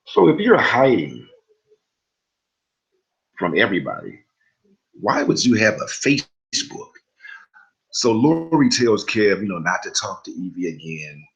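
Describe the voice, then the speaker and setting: A man with a very low voice talks through a TV episode in a relaxed, conversational recap. He rambles a little, drops fillers and side comments, and keeps it informal. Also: measured pace, creaky, pauses often, muffled recording. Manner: chatty, loose storytelling with fillers and asides. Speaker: TV recap host.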